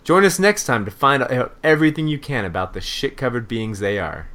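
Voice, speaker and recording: Animated swearing man telling a story. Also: brisk. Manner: animated storytelling, heavy swearing, mimics a scared child in a high squeal. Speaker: podcast co-host. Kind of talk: casual parenting podcast chat.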